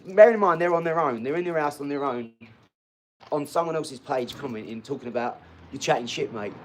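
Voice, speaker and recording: A man's voice: fairly high pitch, brisk. A man in his forties with a slightly raised voice. He talks bluntly and emphatically to his livestream chat, swearing freely and laughing often as he answers viewers' comments. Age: 40s.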